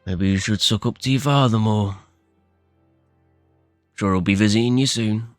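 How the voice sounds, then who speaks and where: A man voicing a gruff prison guard who is curt and dismissive. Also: on the low side, normal speed, no echo, soft background music, pitched above the performer's own voice, lightly acted. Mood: scornful.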